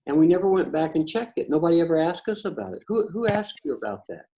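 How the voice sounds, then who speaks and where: A man's voice: on the high side, big pitch swings, fast, mellow, low-quality recording. A man talking in a casual, conversational storytelling style, blunt and profane, often stammering and restarting his sentences. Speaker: patio chat host.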